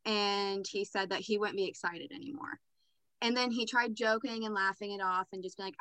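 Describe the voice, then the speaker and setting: A woman's voice: medium pitch, fairly even intonation, moderate pace, sharp tone, no room sound, rough recording. A young adult woman telling a personal story as a podcast guest, candid and matter-of-fact. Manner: candid, matter-of-fact recounting with filler words.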